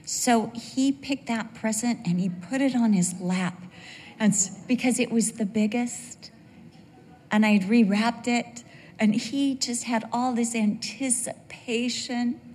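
An older woman preaching a sermon and telling a personal story in an animated way, acting out the voices of the people in it. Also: fairly high pitch, slow, a little hiss or hum. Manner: animated storyteller who acts out quoted voices. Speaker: speaker at a church gathering. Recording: reverberant hall.

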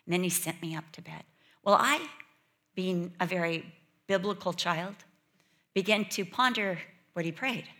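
A woman preaching a sermon, telling a childhood story with lively acted-out voices. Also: on the low side, moderate pace. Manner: animated, acts out quoted voices and childhood fears.

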